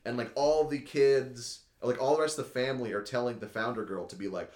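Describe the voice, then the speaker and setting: A man chatting casually as a podcast host, rambling and excitable, leaning on "like" and swearing a lot. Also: medium pitch, brisk, few pauses. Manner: rambling and excitable, heavy use of "like", swears often. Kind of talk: casual chat recapping an anime episode. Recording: echoey room.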